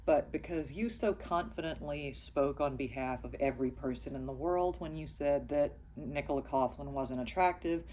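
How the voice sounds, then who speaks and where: A woman co-host speaking earnestly and directly to one person, in a measured way. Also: sits low, darkish tone, slight background noise. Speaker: podcast co-host. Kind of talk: direct address to camera.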